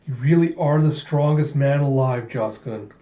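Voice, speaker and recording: A man's voice: medium pitch, normal speed, mellow, lightly acted. A man voicing a determined young female cyborg fighter with an intense, resolute delivery, in a roomy, dull recording. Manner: intense, resolute inner monologue.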